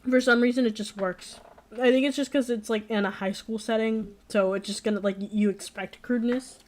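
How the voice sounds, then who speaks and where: A woman's voice: a little high, steady tone, fairly quick, darkish tone. A young woman chatting casually in a Q&A, rambling with many fillers and restarts, blunt and opinionated. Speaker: streamer. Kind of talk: casual chat.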